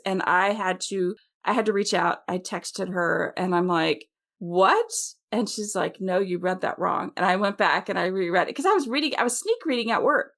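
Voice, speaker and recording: A woman co-hosting a podcast, chatting casually and telling stories with quick asides. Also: lowish voice, vocal fry. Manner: chatty, animated storyteller with laughs and quick asides. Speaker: podcast co-host. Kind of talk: casual chat.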